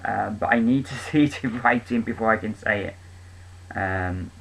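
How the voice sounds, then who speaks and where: A man's voice: on the low side, unhurried, vocal fry, slight background noise, poor audio. A man giving a casual, enthusiastic spoken review of comic books, rambling with frequent ums and restarts.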